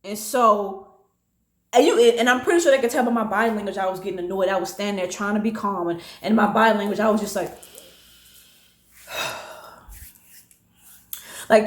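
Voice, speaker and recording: A woman in her late twenties, casually telling a personal story, animated and acting out what others said. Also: fast. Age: late 20s. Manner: animated, acting out quotes with big pitch jumps. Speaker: storytime vlogger. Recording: echoey room.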